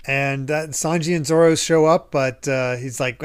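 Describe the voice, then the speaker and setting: Podcast host, male, a bit high, chatty, laughs a lot. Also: fairly even intonation, measured pace, smooth. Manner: laughs often, quotes characters animatedly. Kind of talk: casual chat about a comic.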